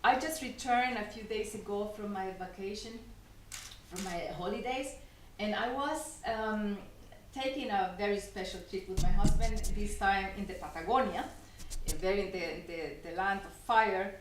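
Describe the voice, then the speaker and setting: A woman from El Salvador, serving as ambassador, telling a relaxed personal story at a forum. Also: mid-range voice, moderate pace, slight background noise. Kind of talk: anecdotal speech at a forum. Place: conference hall. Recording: roomy hall sound.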